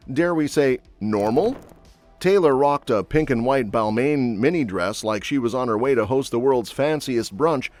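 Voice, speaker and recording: A man's voice: mid-range voice, dry recording. Male gossip-show narrator: jokey, breezy, dry close mic, light music bed. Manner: breezy, jokey, quippy delivery. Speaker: entertainment news narrator. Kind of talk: scripted celebrity gossip voice-over.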